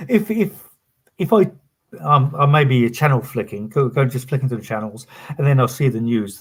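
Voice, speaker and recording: An English man talks in an easygoing guest chat, his Birmingham accent partly smoothed toward the south. He hesitates and restarts his sentences often, and his voice sits at an ordinary middle pitch. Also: a little mellow. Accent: Birmingham accent softened toward southern English. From England. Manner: hesitant, many restarts, self-deprecating. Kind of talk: casual conversation.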